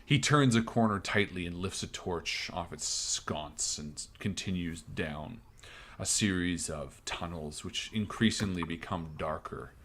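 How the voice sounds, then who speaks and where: A man running a tabletop game as game master, narrating scenes in a relaxed, rambling way with frequent fillers. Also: sits low, measured pace.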